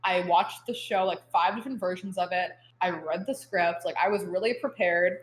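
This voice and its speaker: A woman's voice: on the low side, moderate pace. A young adult woman, a podcast guest, telling stories in a chatty, casual way, full of filler words. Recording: roomy echo.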